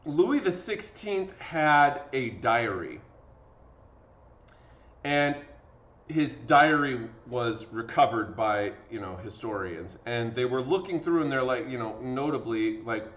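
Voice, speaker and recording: Slow and expressive, this man's mid-range, fairly bright voice carries a casual history lesson recorded for video. Weariness from talking shows, and his conversational style is full of fillers and acted-out quotations.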